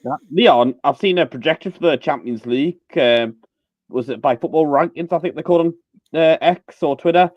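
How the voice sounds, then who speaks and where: A man's voice: fairly high pitch, normal speed, dry recording. Male co-host on a live football chat, hesitant, filler-heavy, dull call audio. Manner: hesitant, many ums and uhs.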